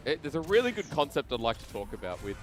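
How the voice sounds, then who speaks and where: An Australian man chats casually in a caster booth, drifting into jokey tangents. His pitch swings widely as he talks, and faint music plays underneath. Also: big pitch swings, fast. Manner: chatty, laughs often, jokey tangents. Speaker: esports caster. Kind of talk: casual banter between casters.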